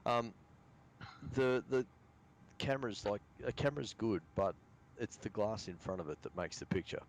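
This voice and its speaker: A man's voice: fairly low pitch, animated, moderate pace, slight background noise. An Australian man hosting a live stream, chatting in a rambling, laid-back way with many restarts. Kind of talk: casual live-stream chat.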